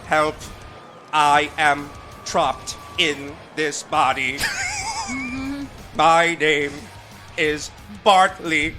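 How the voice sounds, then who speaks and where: A man's voice: on the high side, extremely slow, long pauses, over music. A man voicing a confused zombie-painted robot minion who says it is trapped in its body. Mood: plaintive.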